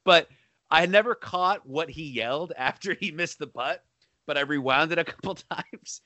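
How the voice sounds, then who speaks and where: A man co-hosting a podcast, chatting casually about a film, animated and quick to laugh. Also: on the high side, dry recording. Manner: animated, laughing, breaks into shouted bits. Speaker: podcast co-host.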